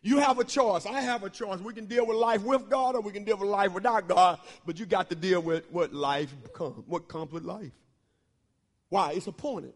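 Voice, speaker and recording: High-voiced preacher in a reverberant church. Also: male voice, normal speed, few pauses. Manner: rhythmic call-and-response preaching, rising into half-sung shouts. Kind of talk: sermon. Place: church sanctuary. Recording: long church hall reverb.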